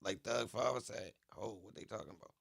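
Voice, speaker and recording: Gravelly low-voiced excitable male commentator. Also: fairly quick, no room sound, clean studio sound. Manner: excitable, profane street slang, talks to viewers. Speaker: commentator reacting to court transcripts. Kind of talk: casual reaction commentary.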